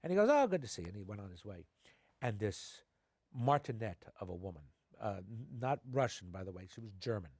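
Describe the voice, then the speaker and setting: Middle-aged man telling lively anecdotes. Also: lowish voice, brisk, dry recording, clean studio sound. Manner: animated anecdotes, acting out quoted voices. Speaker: actor, interview guest. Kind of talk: conversational storytelling. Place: television studio.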